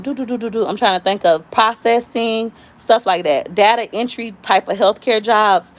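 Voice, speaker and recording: A woman from Florida hosting a casual live stream, talking candidly and acting out quoted voices as she tells stories. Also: medium pitch. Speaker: YouTube host.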